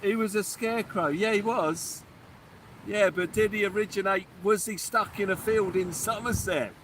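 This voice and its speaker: A man's voice: high voice, moderate pace, noisy background. A man hosting a live fishing stream outdoors at night, chatting and answering viewer comments. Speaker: fishing channel host. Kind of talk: casual live-stream chat.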